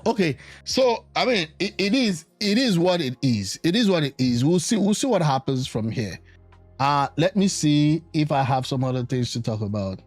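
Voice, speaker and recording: Male commentator, slightly high, hesitant, dry close sound. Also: very animated, normal speed, no room sound, soft background music. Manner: musing, hesitant, repeats words. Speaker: political commentator. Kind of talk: casual political commentary.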